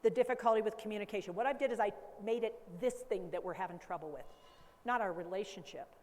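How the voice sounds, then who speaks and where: Animated woman speaking in a reverberant hall. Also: mid-range voice, fast. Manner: animated, acts out baby talk and caregiver voices. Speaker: dementia care educator. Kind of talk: conference talk. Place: conference hall.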